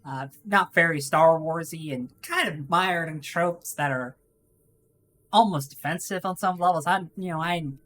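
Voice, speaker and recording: A woman's voice: low voice, a little slow, fairly bright tone. A woman streamer putting on a Texas accent, rambling and swearing in a drawl through gaming livestream commentary. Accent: put-on Texas.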